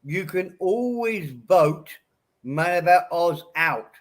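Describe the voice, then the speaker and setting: Patient man, slightly high voice. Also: expressive, slow. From England. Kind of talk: casual livestream chat.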